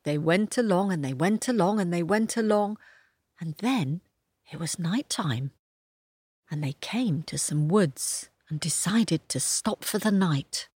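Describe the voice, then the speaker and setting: A woman storyteller narrating a children's tale in an expressive, sing-song manner. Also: on the low side, unhurried, slightly rough, no room sound. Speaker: storyteller host.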